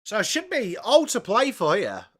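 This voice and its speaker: An Englishman running a live football watchalong stream speaks in a high voice with wildly swooping pitch at a normal speed. He keeps things casual and upbeat, greeting viewers by name.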